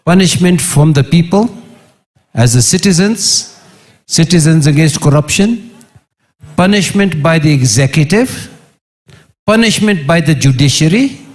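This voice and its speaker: Expressive and unhurried, a middle-aged Kenyan former parliamentarian with a Kenyan accent gives a passionate public address full of long pauses. He's emphatic and repetitive, with abrupt jumps in pitch, and the sound is a little mellow.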